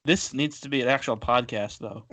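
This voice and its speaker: A man's voice: mid-range voice, a bit bright, slight background noise. Joking man on a casual podcast. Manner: loose, joking, swears lightly. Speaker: podcast co-host. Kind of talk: casual chat.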